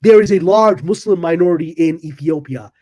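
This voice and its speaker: A middle-aged man retelling a piece of history with lively energy, acting out the speakers' lines with big jumps in pitch. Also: fairly quick, dry recording. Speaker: guest storyteller. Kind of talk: animated historical storytelling.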